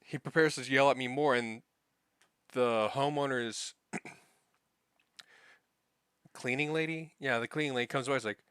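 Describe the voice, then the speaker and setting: A young man spins a rambling, profanity-laced story about his week at work, now and then acting out what other people said. His voice is bright and crisp, and the recording is dry and close. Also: mid-range voice, steady tone, a little slow, pauses often, no echo. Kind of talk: casual spoken anecdote.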